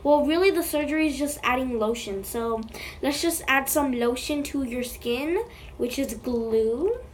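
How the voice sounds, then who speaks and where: High-voiced woman playfully talking to slime. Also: a little slow, a little hiss or hum. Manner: playful, chatting to the slime as if it were alive. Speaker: slime video creator. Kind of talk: casual slime-making vlog. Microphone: phone.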